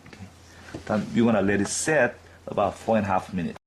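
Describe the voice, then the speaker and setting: A man giving a clinical demonstration lesson, talking in a halting way with frequent fillers and restarts. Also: fairly low pitch, fairly even intonation, slight background noise. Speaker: dental instructor.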